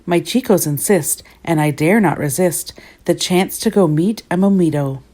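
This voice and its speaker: A woman voicing a playful, boastful young boy kitten who talks in an excited sing-song voice. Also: on the low side, normal speed, natural voice. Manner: excited, sing-song, fake Spanish flourishes.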